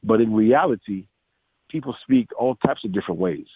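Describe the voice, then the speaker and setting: A man's voice: on the low side, expressive, moderate pace, creaky, husky. A man in a casual interview, telling stories animatedly and acting out quotes, with many restarts. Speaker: voice actor guest. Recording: dry tinny phone-like line.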